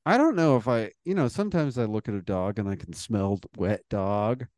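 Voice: mid-range voice, lively intonation, moderate pace, darkish tone, no echo, clean studio sound. A podcast co-host chatting casually, rambling and wondering aloud, often trailing off. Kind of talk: casual comedic chat.

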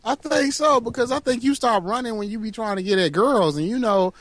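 A man's voice: extremely high pitch, a little fast, fairly bright tone, no echo. A man co-hosting a podcast in casual, profane banter, laughing and teasing. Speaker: podcast co-host.

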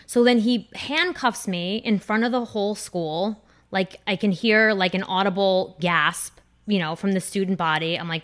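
Her mid-range voice moves at a moderate pace with hardly any pauses. She's a New Jersey woman and comedian guesting on a casual podcast, animatedly telling a story and voicing the people she quotes.

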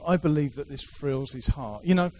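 A man's voice: a little high, normal speed, a little mellow, a little hiss or hum, rough recording. A middle-aged man preaching a sermon to a congregation, emphatic and repetitive, with playful asides. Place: church hall with a live congregation.

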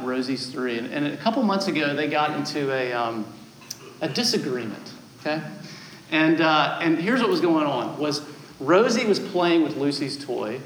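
A man in his thirties preaching a sermon as a guest pastor, telling stories with animated, self-deprecating humor. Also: fairly high pitch, roomy sound, slight background noise, rough recording.

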